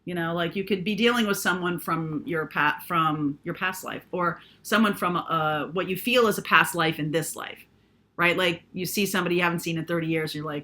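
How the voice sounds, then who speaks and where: A woman's voice: on the low side, a little fast, sharp tone. A woman doing a casual, chatty tarot reading, thinking aloud with lots of fillers. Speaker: tarot reader.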